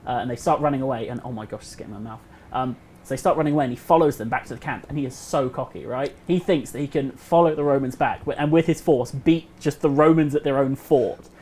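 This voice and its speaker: A man telling a history story casually on a game developer livestream, animated and acting out the quotes. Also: medium pitch, fast talker, hardly any pauses. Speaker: community host.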